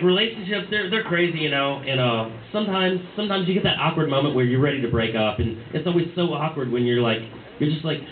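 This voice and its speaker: A man's voice: on the high side, a little hiss or hum. A young man doing a stand-up set in a small bar, rambling with fillers and restarts. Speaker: stand-up comedian. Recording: tinny, echoey amateur bar recording.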